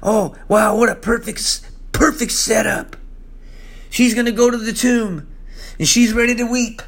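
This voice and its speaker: A man preaching a sermon, reading scripture and commenting on it, swinging between loud exclamations and low, hushed asides. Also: fairly even intonation, a little slow. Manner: reads scripture aloud and comments on it.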